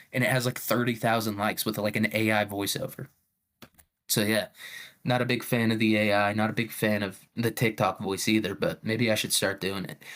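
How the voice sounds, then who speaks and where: Casual male vlogger, mid-pitched, rambling and profane, laughs between points. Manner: profane, chuckling, rambling asides.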